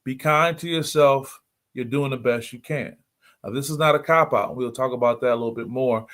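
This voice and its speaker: A middle-aged man hosts a motivational talk at an even, mid-range pitch. He speaks earnestly and comes back to his key points to drive them home. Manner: earnest, repeats key points for emphasis, greets viewers by name. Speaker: motivational livestream host.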